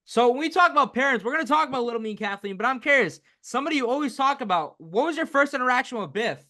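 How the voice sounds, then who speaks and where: Podcast host guy, high lively voice, quick casual questions. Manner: brief backchannels and short questions. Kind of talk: casual interview.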